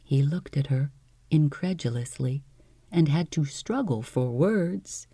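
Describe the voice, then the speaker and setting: A woman reading a bedtime story aloud, soft and calm, as the host of a sleep story show. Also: low voice, takes it slowly, slightly rough, no room sound.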